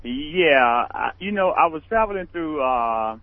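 A man calls in to a radio show and talks haltingly, repeating himself as he gropes for words. His voice sits fairly high. It comes through a tinny, dry phone line. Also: animated, no room sound. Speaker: caller. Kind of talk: call-in radio talk. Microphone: telephone.

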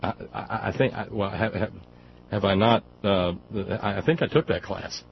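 A man's voice: fairly low pitch, moderate pace, gravelly. A man hosting a call-in radio talk show, joking and often stammering through restarts. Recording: dull radio recording with faint hiss.

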